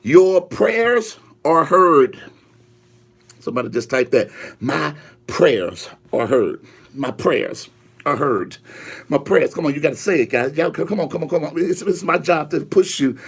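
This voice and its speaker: A man's voice: a little high, brisk, slightly rough. A man preaching a live online prophetic sermon, fervent and repetitive, urging listeners to say the words back to him. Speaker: pastor.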